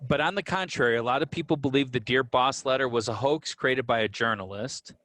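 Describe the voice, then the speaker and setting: A man co-hosts a podcast in a loose, conversational way, laying out history with easy asides. His voice sits at a middling pitch. The sound is close and dry, with no room echo. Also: brisk. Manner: relaxed, with fillers and restarts, explaining history. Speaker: podcast co-host. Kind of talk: casual conversational storytelling.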